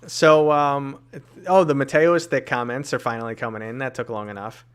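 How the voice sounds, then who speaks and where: A man's voice: mid-range voice, steady tone, a little fast, smooth. A man in his thirties with a New York accent, hosting a casual podcast, teasing his guest and reading chat comments aloud. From New York City. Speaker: podcast host and streamer.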